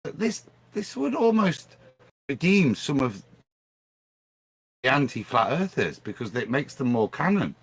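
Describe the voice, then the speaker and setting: A man talking on a livestream, arguing hard and restarting his phrases as he goes. His pitch jumps up and down a lot. He sounds like he is set on making his point. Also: a little slow, pauses often, husky. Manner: animated, argumentative, restarts phrases. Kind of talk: casual livestream discussion.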